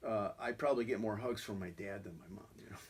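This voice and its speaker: A man's voice: lowish voice, quick pace, slightly rough. A man who is a guest musician, telling stories in a rambling way, full of "you know" fillers. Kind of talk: conversational storytelling.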